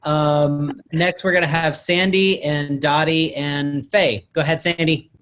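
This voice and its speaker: A man's voice: fairly high pitch, fairly even intonation, a little slow, a bit bright. A man hosting a support meeting over a video call, briefly welcoming and introducing speakers. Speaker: meeting host.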